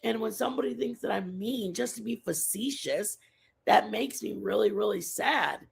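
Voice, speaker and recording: Woman just chatting on her livestream, rambly and repeats stuff, kinda gravelly voice. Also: medium pitch, animated, normal speed. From Mexican family background. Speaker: livestream host. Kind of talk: casual chat with live viewers.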